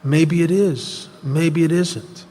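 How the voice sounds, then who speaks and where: A man's voice: a little high, steady tone, slow, warm tone. A man voicing a poor little old farmer who shrugs off fortune, with a slight put-on Yiddish lilt. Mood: calm. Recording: long hall reverb.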